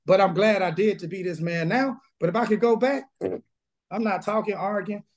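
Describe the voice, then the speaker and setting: Man, Southern pastor, high-pitched, emphatic and blunt, remote interview. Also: moderate pace. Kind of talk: casual interview, preaching energy. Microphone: video call.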